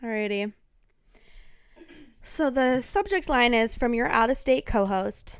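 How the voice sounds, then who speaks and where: A woman's voice: a little high, expressive, measured pace, long pauses, clear, resonant tone, no echo, clean studio sound. A woman co-hosting a podcast in casual chat, teasing her partner and laughing often. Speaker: podcast co-host.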